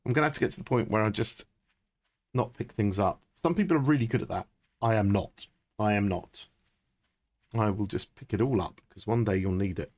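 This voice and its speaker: Excitable man streaming gameplay. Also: on the low side, fast talker. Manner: chatty, excitable, thinking aloud. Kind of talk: live gameplay commentary.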